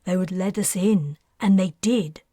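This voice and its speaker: A woman's voice: lowish voice, unhurried, warm tone, no room sound, studio quality. A woman reading an earnest, defensive teenage boy who explains his plans at length, in a storybook.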